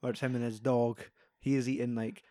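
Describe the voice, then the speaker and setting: A man's voice: mid-range voice, normal speed, no room sound, clean studio sound. A young man, chatting casually and animatedly about a film, swearing freely. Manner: animated, sweary, acts out quoted lines.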